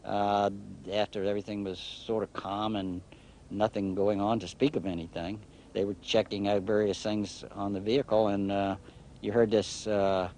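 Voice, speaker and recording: Interviewee, lower-pitched man, deliberate recounting, faint background noise. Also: little pitch movement, a little mellow. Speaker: former flight director. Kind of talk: documentary interview recollection.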